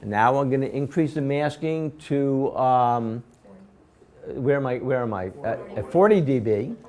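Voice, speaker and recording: A man's voice: mid-range voice, lively intonation, measured pace, darkish tone. A man teaching a class, walking through a procedure step by step and repeatedly quizzing his students with questions. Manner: step-by-step, repetitive explaining. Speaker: instructor. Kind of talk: classroom lecture.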